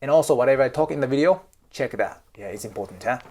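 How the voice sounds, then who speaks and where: A man's voice: medium pitch, lively intonation, quick pace, a little mellow. A man with a Japanese accent, giving casual advice to camera, chatty and emphatic, often checking in with "right?" and "okay?". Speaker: YouTube host and cultural coach.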